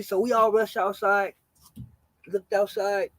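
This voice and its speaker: A man streaming, telling a rough anecdote in a casual, profane, slangy way and acting out what people said. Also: high voice, lively intonation, moderate pace, no room sound, low-quality recording. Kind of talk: casual storytelling.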